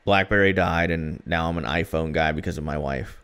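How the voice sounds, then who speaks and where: Low-voiced chatty podcast man. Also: fairly even intonation, fairly quick, a bit bright, clear, resonant tone. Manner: rambling, chatty storytelling with fillers. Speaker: podcast co-host. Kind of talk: casual podcast chat.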